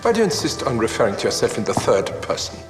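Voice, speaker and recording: A man's voice: mid-range voice, big pitch swings, fast talker, close to an everyday voice. An actor playing an exasperated male doctor who talks in an irritated way. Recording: film clip with reverb and music.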